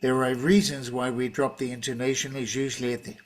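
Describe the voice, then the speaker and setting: A man leading a teacher-training workshop, explaining in a measured way with frequent fillers and restarts. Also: mid-range voice, little pitch movement. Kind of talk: online workshop talk.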